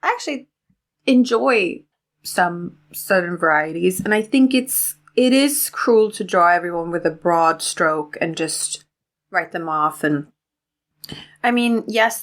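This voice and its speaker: A woman co-hosting a podcast, talking in a chatty, animated way with many fillers. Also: on the low side. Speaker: podcast co-host. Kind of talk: casual chat.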